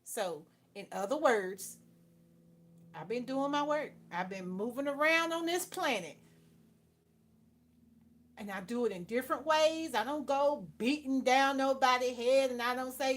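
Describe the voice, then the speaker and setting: A woman's voice: high-pitched, unhurried. Emphatic older woman, preachy spiritual talk. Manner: preachy, emphatic, calls listener "baby"; rambling, swings from soft to loud. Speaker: spiritual channel host.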